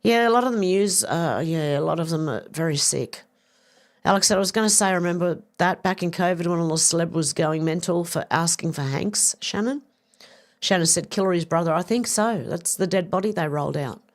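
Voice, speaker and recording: Here a middle-aged Australian woman reads comments from her livestream chat, chatting casually and letting a few swear words slip. Her fairly low voice moves along at a fairly quick clip.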